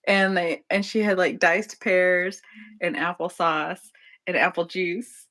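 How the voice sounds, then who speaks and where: A young adult woman, a nurse, chatting casually and telling animated stories with frequent laughter. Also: lowish voice, takes it slowly. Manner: animated storyteller who laughs often. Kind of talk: casual chat.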